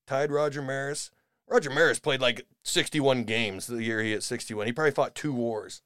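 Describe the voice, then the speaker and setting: Male podcast host, mid pitch, sarcastic rambling rants that swing from mutter to shout, dry close sound. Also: normal speed, clean tone, dry recording. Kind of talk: casual comedic rant.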